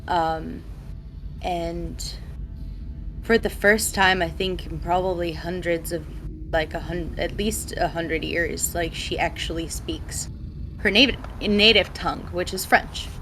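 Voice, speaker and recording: A woman's voice: on the low side, steady tone, unhurried, fairly bright tone, slight background noise. A woman tabletop player and streamer, chatting casually and rambling with lots of fillers over an online call mic. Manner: rambling, full of "um" and "like". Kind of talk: casual chat about her character.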